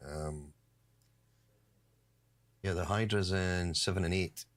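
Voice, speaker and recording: A man's voice: sits low, slow. A man hosting a live studio stream, chatting casually, joking and laughing often. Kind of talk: casual banter.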